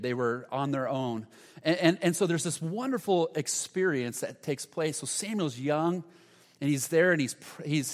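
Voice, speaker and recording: A man preaching a sermon as pastor, earnest, often restarting phrases and dropping to a soft hush for quoted prayers. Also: a little high. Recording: long hall reverb.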